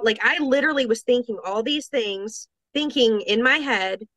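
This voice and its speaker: Animated woman telling her story. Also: a little high, normal speed, hardly any pauses, dry recording. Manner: animated storytelling, quoting herself, laughing, restarts. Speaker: interview guest. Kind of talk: casual interview storytelling.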